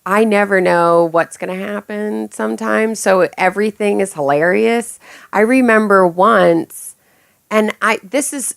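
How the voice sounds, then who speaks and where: A woman singer being interviewed, playful and quick to laugh as she tells stories from her tours. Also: medium pitch, gravelly, no room sound, clean studio sound. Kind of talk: casual interview chat.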